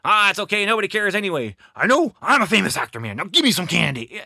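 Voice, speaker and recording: A man voicing a whiny, lazy famous comedy actor in a high, strained voice. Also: big pitch swings, fast talker, gravelly, pushed and bright, husky, dry recording, studio quality, exaggerated voice.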